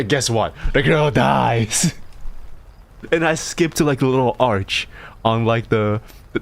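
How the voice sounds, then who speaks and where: A man streaming live, reading viewer submissions, excitable, swearing often and stammering over repeated words. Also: mid-range voice. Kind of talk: casual live-stream chat.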